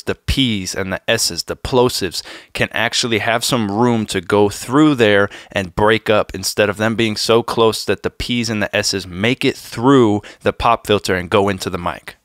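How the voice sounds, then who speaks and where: A man's voice: fairly low pitch, a bit bright, no echo, clean studio sound. A young man, a music producer, giving a plain step-by-step tutorial on recording vocals. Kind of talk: instructional tutorial.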